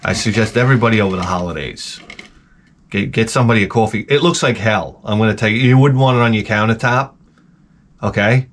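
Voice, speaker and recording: A man's voice: lowish voice, brisk. Profane middle-aged man ranting. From Long Island, New York. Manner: profane, animated storytelling with many restarts. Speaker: host. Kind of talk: rambling comic monologue.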